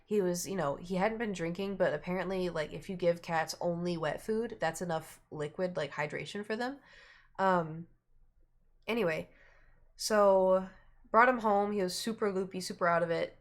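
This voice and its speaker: A woman streamer chatting casually, rambling through a long story and acting out the people in it. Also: moderate pace. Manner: chatty, rambling, acts out quoted people with raised pitch.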